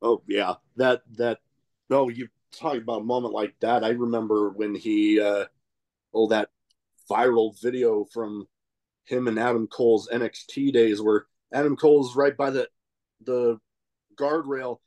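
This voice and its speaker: A man hosting a casual podcast interview, relaxed and chatty, who reacts to his guest with laughter. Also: mid-range voice, measured pace. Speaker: podcast host.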